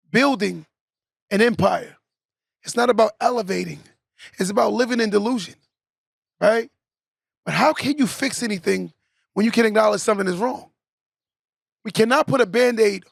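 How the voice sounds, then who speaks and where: A man's voice: high voice, gravelly, no echo, clean studio sound. A young man hosting a podcast, delivering a preachy motivational monologue and tagging points with "right?". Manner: preachy, repeats "right?" as a tag. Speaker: podcast host.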